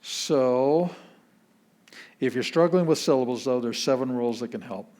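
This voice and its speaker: A man, a pastor, teaching an introductory Greek class in a relaxed, chatty way, repeating words slowly to show how they are said. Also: medium pitch.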